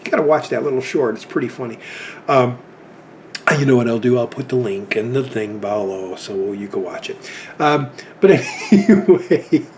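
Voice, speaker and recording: A man's voice: medium pitch, lively intonation, moderate pace, a little mellow, a little hiss or hum. A man in his fifties telling rambling anecdotes in a casual chat about his film collection.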